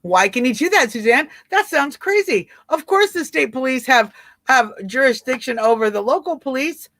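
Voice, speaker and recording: A woman's voice: high voice, lively intonation, normal speed, fairly bright tone, no echo, studio quality. A woman voicing a skeptical doubter who questions the host in an incredulous, challenging way.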